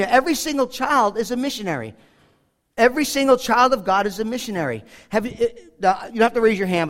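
High-voiced pastor preaching in a reverberant hall. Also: male voice, fairly bright tone. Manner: earnest, conversational, with frequent restarts. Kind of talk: sermon.

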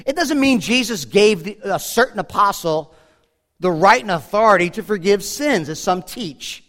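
High-voiced pastor preaching in a reverberant hall. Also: male voice, lively intonation, moderate pace, fairly bright tone. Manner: earnest, conversational, with frequent restarts. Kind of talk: sermon.

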